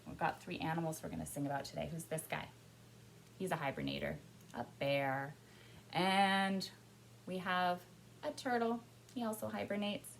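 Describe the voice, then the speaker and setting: A woman leading an interactive storytime for young children, reading aloud and guiding actions, moving between loud calls and soft whispers. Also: on the low side, normal speed, gravelly, long pauses, a little hiss or hum, poor audio.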